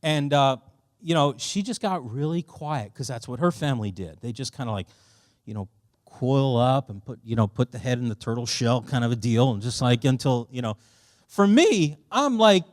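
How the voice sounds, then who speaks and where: Animated man giving a church workshop. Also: fairly high pitch, moderate pace, no room sound, clean studio sound. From Philadelphia. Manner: animated, conversational, loud and boisterous by his own account; casual, with many fillers and asides to the audience. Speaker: workshop speaker.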